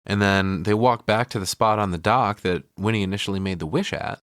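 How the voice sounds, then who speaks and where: A man's voice: lowish voice, brisk, clean tone, no room sound, clean studio sound. A man co-hosting a casual podcast, recapping a film with lots of swearing and acting out the characters' lines. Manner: lively storytelling, acts out characters' lines.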